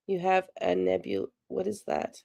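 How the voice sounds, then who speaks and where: A woman's voice: mid-range voice, little pitch movement, unhurried, vocal fry, warm tone, no room sound, clean studio sound. A woman hosting a casual live stream, chatty and sympathetic as she answers viewer chat aloud. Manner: emotional, sympathetic. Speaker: livestream host.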